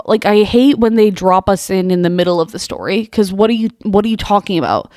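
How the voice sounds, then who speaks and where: A young woman hosts a comedic monologue, reacting to absurd posts with exasperated disbelief and rapid rhetorical questions. Her voice sits at a middling pitch and sounds close and dry, with no room around it. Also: animated, darkish tone, no echo. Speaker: podcast host. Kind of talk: comedic commentary reading posts aloud.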